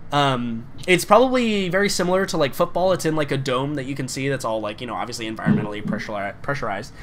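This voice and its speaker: A man's voice: medium pitch, animated, fast talker, a little hiss or hum. Rambling male game master. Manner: rambling, many fillers. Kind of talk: narrating a tabletop game.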